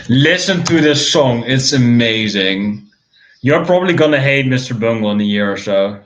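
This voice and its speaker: A man's voice: mid-range voice, expressive, moderate pace, highs cut off. A man giving casual reaction commentary as a music reviewer, swearing freely, ranting and restarting his words often. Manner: profane, ranting, frequent stammered restarts.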